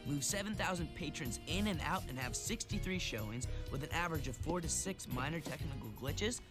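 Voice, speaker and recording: A man's voice: on the high side, lively intonation, brisk, natural voice. A young actor playing an earnest teenage boy who narrates his job at a movie theater in an eager, bro-ish way. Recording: film clip with loud music under it.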